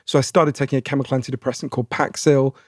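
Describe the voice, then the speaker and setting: A man in his forties with a posh British accent, answering interview questions in a chatty, animated way, laughing often and restarting his sentences. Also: mid-range voice, very fast, dry recording, clean studio sound. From Britain. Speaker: guest author.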